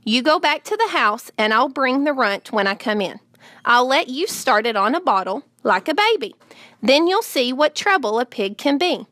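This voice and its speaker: Woman reading a gentle, firm farmer father. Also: sits high, expressive, normal speed, no room sound, studio quality.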